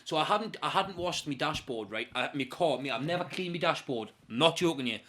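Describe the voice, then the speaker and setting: A young man telling an excitable story as a podcast guest, swearing and asking "right?" often. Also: on the high side, a little fast. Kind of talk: animated storytelling.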